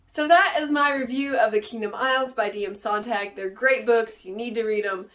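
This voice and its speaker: A woman's voice: fairly high pitch, moderate pace, fairly bright tone. A woman reviewing books on her channel, gushing with enthusiasm and wandering into playful asides. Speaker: book reviewer and author. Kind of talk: casual book review vlog.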